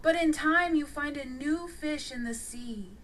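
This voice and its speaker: A woman voicing a gentle, caring father, soothing and kind. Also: sits high, unhurried.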